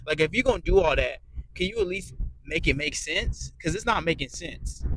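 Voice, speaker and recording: A man's voice: on the high side, pushed and bright, slight background noise, rough recording. A man giving a casual, rambling review of a reality show. He swears constantly, speaks bluntly and fills his talk with ums and restarts. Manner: rambling, blunt, heavy cursing, frequent fillers. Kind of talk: casual profane audio review.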